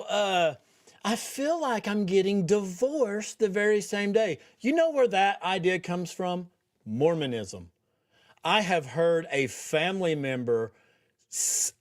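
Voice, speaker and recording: A man giving casual reaction commentary, blunt and scornful, swearing as he talks. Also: mid-range voice.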